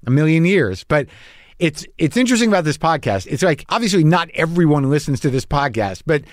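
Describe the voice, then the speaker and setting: A man's voice: a little high, sing-song, fairly quick, dry recording, clean studio sound. A man in his fifties hosting a podcast, talking in a rambling, confessional monologue with a wry, self-questioning manner. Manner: self-questioning, wry, restless, circling back on himself. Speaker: podcast host and comedian.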